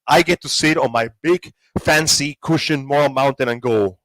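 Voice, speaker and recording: A man's voice: medium pitch, normal speed, a bit bright, no room sound, rough recording. A man co-hosting a casual live-stream chat, sarcastic and joking. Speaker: podcast co-host.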